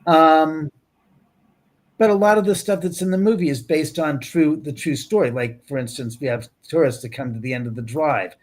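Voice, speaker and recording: A guest film producer from Los Angeles, USA, tells animated stories on a podcast, his voice on the high side at a normal speed. He acts out quoted dialogue and restarts his sentences a lot.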